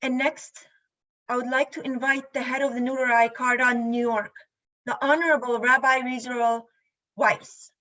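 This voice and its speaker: A woman hosting an event and introducing speakers, a little halting with fillers. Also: high-pitched, sharp tone, highs cut off. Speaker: event host.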